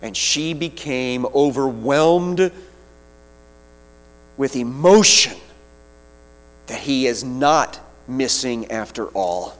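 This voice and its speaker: A man preaching a sermon, retelling a scripture story vividly with slow, deliberate phrasing. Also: mid-range voice, expressive.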